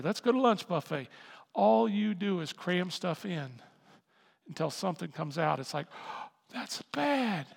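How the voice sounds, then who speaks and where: A pastor delivers his sermon in a high, gravelly voice. He is animated, doubling back on words and climbing to loud emphasis. His voice rings with the long reverb of a large hall.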